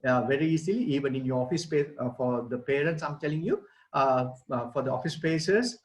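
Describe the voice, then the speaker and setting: A man's voice: mid-range voice, a little fast, rough recording. A middle-aged man, giving an online presentation as a gardening expert and explaining things to children and parents.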